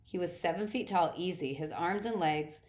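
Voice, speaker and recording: A woman reading a first-person story aloud, steady, with occasional slips and restarts. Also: lowish voice, normal speed. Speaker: audiobook reader.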